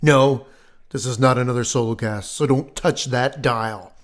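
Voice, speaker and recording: A man's voice: mid-range voice, unhurried. A man co-hosting a podcast, giving a dry, mock-formal scripted announcement. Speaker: podcast co-host.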